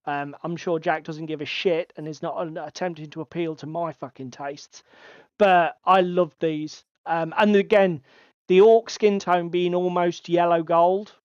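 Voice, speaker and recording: This man co-hosts a laid-back hobby podcast, chatting easily and cursing often. His voice sits on the high side, slightly mellow, clear and resonant, with fairly even intonation and an unhurried pace. There's no echo, though the lo-fi audio sounds a bit dull.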